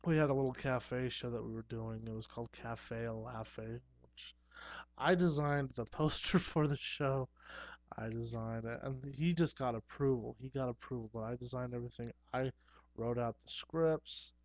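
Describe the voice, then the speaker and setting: A man's voice: medium pitch, fairly even intonation, moderate pace, dry recording. A man, a clown performer, talking through a casual rambling monologue in an earnest, self-assured way, often restarting his sentences.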